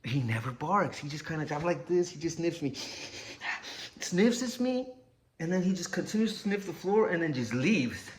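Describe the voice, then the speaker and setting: A man's voice: fairly high pitch, sing-song, fairly quick, slight background noise. A man telling a personal story casually, cursing often and acting out what people said. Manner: profane, laid-back, acts out quotes.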